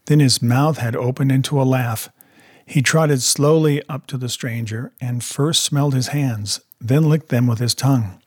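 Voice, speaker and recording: A man narrating a story in a measured, even reading. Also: medium pitch, breathy edge.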